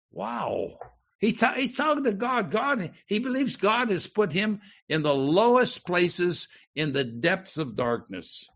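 A man with a gravelly voice reads scripture slowly and then talks it over. His pitch rises and falls a great deal as he leans on the words. He often stops and restarts mid-thought. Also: big pitch swings, fairly bright tone. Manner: slow, emphatic reading with frequent restarts and musing asides. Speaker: Bible teacher. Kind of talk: reading and explaining a psalm.

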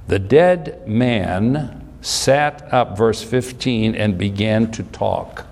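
A man's voice: medium pitch, unhurried. A man preaching a Bible teaching sermon, explaining scripture with questions to the listeners and repeating and restarting phrases. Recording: long hall reverb.

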